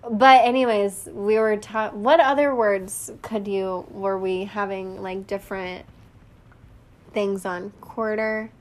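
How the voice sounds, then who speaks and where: A woman's voice: mid-range voice, steady tone, takes it slowly. Young woman rambling on a chatty podcast, laughs lots, medium voice. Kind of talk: casual chat.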